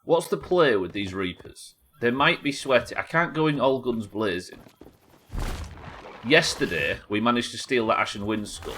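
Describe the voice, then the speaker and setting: Low-voiced man streaming a game. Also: a little hiss or hum. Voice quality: lively, swears casually, chatty asides. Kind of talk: live game commentary reading chat.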